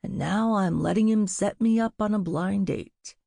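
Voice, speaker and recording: Lady narrator doing a gruff young dude, short grumbly lines, kinda gravelly. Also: medium pitch, moderate pace, dark tone, no room sound. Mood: grumpy. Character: gruff young man, irritable and stubborn.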